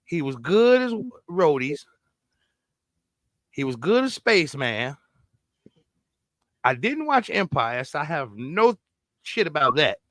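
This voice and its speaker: Animated, profane male podcast co-host. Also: slow pace, pauses often, no room sound, clean studio sound. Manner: animated, profane, swings between loud and low. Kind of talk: casual podcast banter.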